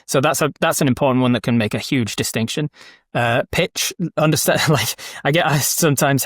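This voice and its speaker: A man talking as a guest dungeon master in a casual interview, animated, laughing often and breaking into quick demonstrations of voices. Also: mid-range voice, dry recording, clean studio sound. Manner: animated, explains with quick vocal demos and frequent laughs.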